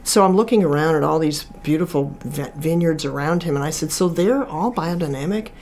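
A woman's voice: low-pitched, brisk, darkish tone, a little hiss or hum. A woman author, talking casually as an interview guest and telling stories with lots of fillers and restarts. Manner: chatty storyteller, many restarts and fillers. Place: from Chicago.

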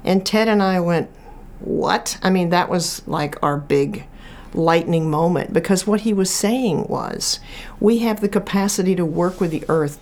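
Low-voiced chatty woman telling stories. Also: a little mellow. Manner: chatty storyteller, many restarts and fillers. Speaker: author guest. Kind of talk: casual interview talk. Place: from Chicago.

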